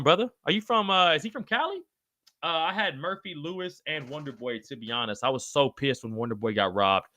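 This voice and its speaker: A man hosting a live podcast stream, reading chat and reacting in an excitable, loose way, swearing freely and calling everyone brother. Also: a little high, dry recording.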